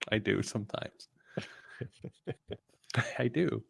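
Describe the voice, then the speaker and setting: A man's voice: fairly low pitch, expressive, moderate pace, no echo. A middle-aged man co-hosting a podcast, chatting in a jokey, self-mocking way and often breaking into laughter. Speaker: podcast co-host. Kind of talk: casual chat and read-out segment.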